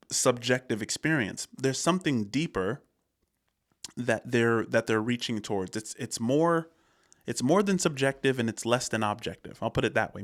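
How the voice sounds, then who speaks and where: In a reaction video, an American host with a mid-range, slightly bright voice comments casually on a clip. His delivery rambles, full of fillers and restarts as he works through his thoughts.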